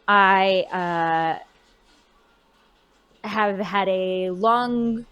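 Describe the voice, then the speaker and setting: A woman's voice: medium pitch, extremely slow, fairly bright tone, clean tone, highs cut off. A woman in her twenties, a voice actor chatting expressively in a convention interview, with fillers and restarts. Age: 20s. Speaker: voice actor guest.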